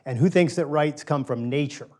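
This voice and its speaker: A man's voice: a little high, normal speed, darkish tone. A middle-aged man giving an informal lecture to a small live group in a room, talking casually, polling the audience and repeating key phrases for emphasis. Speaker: guest lecturer.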